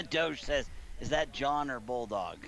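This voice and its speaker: A man in his thirties streaming from his living room, telling a long, meandering story at a relaxed pace. His voice sits in an ordinary middle range, and he laughs between lines. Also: mid-range voice, slow pace, creaky. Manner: rambling anecdotal storyteller, laughs often. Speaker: gaming streamer. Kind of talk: casual stream chat, storytelling.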